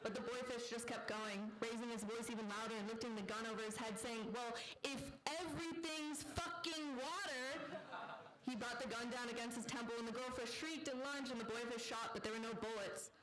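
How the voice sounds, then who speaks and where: Woman reading her own story live, deadpan tone. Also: fairly high pitch, fast, few pauses, a crowd in the background, rough recording. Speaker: author reading her work.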